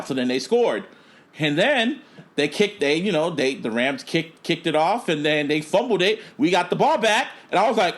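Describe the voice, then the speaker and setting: A man with a fairly high voice co-hosts a casual podcast. His pitch swings widely as he tells a story. He rants animatedly and swears freely. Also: big pitch swings, normal speed. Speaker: podcast co-host. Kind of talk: casual chat.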